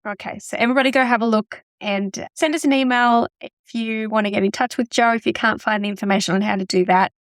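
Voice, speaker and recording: A woman's voice: a little high, steady tone, fast talker, hardly any pauses, dry recording, clean studio sound. A woman hosting a podcast interview. She reacts effusively and emotionally to her guest. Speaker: podcast host. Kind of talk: warm interview wrap-up.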